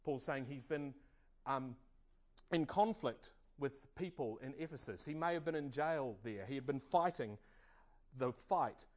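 A man preaching a sermon at a church service, earnest and measured. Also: medium pitch, highs cut off.

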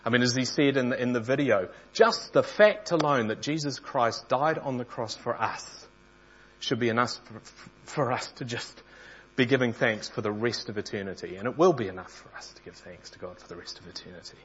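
A man's voice: medium pitch, fairly quick, fairly bright tone, highs cut off, slight background noise. A man preaching a sermon in an earnest storytelling manner, sometimes restarting phrases.

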